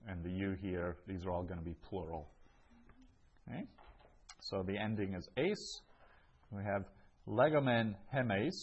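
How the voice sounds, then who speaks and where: A man's voice: low-pitched, normal speed, pauses often, husky, highs cut off. A man teaching a language lesson, patiently repeating each phrase and explaining it step by step. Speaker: Greek teacher. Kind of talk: classroom lesson.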